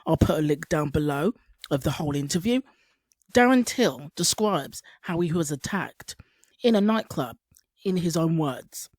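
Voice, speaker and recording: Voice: mid-range voice, expressive, normal speed, no echo. A video essay narrator reading scripted voice-over steadily, stumbling now and then on words.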